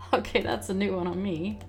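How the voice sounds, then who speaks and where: A woman hosting a let's-play, chatting casually and reading game text aloud in a relaxed, amused way. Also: medium pitch, a little slow, a little hiss or hum. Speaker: host.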